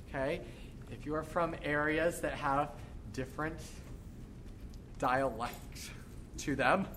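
A man working as a choir director, teaching a rehearsal in an energetic, encouraging way and demonstrating lines by chanting and singing them. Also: a little high. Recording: echoey room with background noise.

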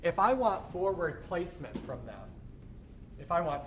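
A man who is a choir director, teaching a choral workshop in an animated way and breaking into sung demonstrations. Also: high-pitched, normal speed, over music. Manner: animated, demonstrates by singing phrases.

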